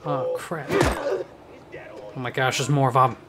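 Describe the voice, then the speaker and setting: Excitable gaming streamer, slow-talking man. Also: mid-range voice. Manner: excitable reactions, frequent exclamations. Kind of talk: let's play commentary.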